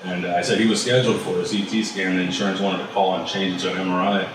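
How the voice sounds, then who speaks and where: A man with a deep, low voice talks in a loose, conversational way, leaning on fillers and dropping the occasional curse. He sits back from the microphone in a strongly reverberant room, with faint background noise underneath. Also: little pitch movement, fast. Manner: loose and conversational, full of "you know" and "like", swears casually. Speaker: barbecue business owner, guest. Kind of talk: casual interview storytelling. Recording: very echoey room, voice far from mic.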